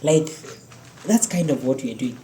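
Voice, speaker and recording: A parent, talking casually and earnestly about family rules at length. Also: female voice, a bass voice, expressive, normal speed, dark tone, slight background noise. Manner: explains at length, firm and earnest. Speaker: parent co-hosting a family channel. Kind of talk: casual chat.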